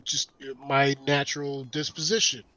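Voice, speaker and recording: A man's voice: mid-range voice, little pitch movement, unhurried, pushed and bright, poor audio. A man chatting casually on a stream, hesitant and often restarting his sentences. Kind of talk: casual chat on a live stream.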